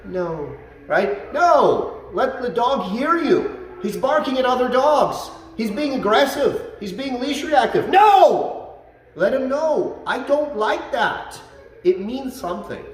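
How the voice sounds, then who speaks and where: Animated man explaining dog training. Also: fairly high pitch, far from the mic. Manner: animated, acts out commands to dogs in a loud excited voice. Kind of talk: instructional talk. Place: dog training facility, indoors. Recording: echoey room, away from the mic.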